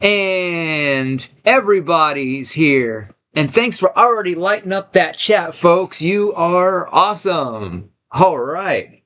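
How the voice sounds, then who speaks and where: A man's voice: a little high, expressive, takes it slowly, pushed and bright. A man hosting a live stream from his home studio, hyped and greeting chat viewers one by one. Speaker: livestream host.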